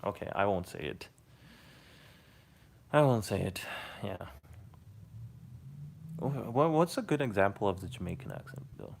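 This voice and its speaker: A man chats to his live-stream audience in a slow, unhurried drawl. His low voice has a gravelly fry running through it. He rambles and hesitates, and drops the odd casual swear. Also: very animated, a little hiss or hum. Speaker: live streamer reading chat.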